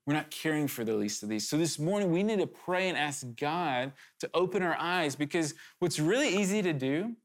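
A man's voice: fairly high pitch, animated, moderate pace, few pauses. A man preaching a sermon to his congregation, earnest and urgent, talking conversationally with candid asides and sudden emphatic rises.

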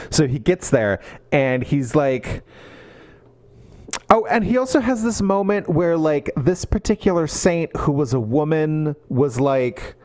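A man co-hosting a casual book podcast, talking with an animated, swooping voice. He swears freely and peppers his recap with "like." He slips into quick character voices as he goes. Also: fairly high pitch. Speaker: podcast co-host. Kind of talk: casual book-review chat.

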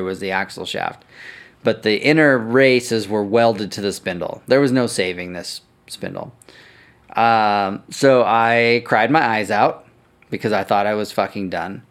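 A man's voice: on the low side, moderate pace, a bit bright. A man hosting a podcast, telling a story casually, swearing freely and correcting himself as he goes. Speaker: podcast host.

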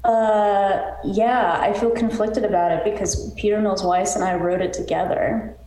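A woman's voice: medium pitch, steady tone, unhurried, warm tone, slight background noise. Self-deprecating woman in a roomy space. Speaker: podcast guest. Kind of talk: casual chat and reading her own prose aloud. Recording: roomy echo.

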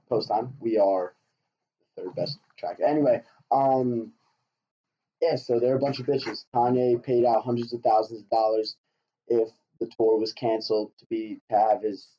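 A man's voice: mid-range voice, warm tone. A man co-hosting a podcast in casual chat, profane and ranting, laughing often. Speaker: podcast co-host. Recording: dull lo-fi sound.

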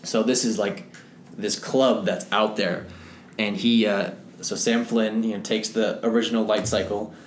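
Low-voiced man recapping a film in an echoey room. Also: fairly even intonation, unhurried. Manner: enthusiastic, rambling recap with restarts. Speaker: podcast co-host. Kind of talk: casual film discussion. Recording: echoey room with faint noise.

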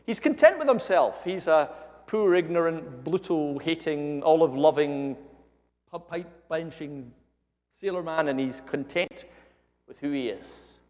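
A man with a Scottish accent preaching a sermon in a lively, joking way that builds to emphatic points. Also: a little high, a little slow. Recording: echoey hall with long reverb.

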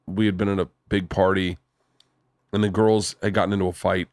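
Brief: male podcast host, animated and profane storyteller, dry mic. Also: deep voice, brisk, no echo. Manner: animated storyteller who swears freely. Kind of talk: casual storytelling chat.

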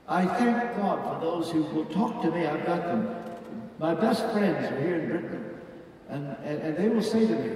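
A man's voice: sits high, animated, a little slow, darkish tone, recorded from a distance. Older man preaching in an echoey hall. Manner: earnest, emphatic, acts out quoted voices. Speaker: pastor. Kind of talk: sermon.

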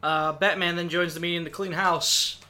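A man's voice: fairly high pitch, level tone, normal speed, sharp tone. A man recapping a film in casual chat as podcast co-host, loose and rambling.

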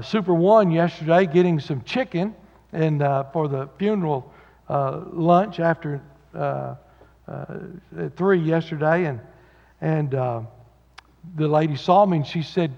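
A man's voice: on the high side, a little mellow. A man preaching a sermon as pastor, folksy and joking, with lots of fillers. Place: church sanctuary. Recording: dull sound with long hall reverb.

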